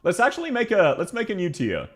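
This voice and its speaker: Brief: Australian male streamer, chatty and quick to laugh, lively pitch. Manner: chatty, laughs often, greets chat. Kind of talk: livestream commentary.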